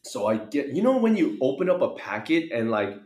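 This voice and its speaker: A man's voice: mid-range voice, brisk. A young man on a podcast, telling a story in casual chat, acting out voices and laughing along the way. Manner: animated storyteller, acts out voices, laughs often. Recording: echoey room.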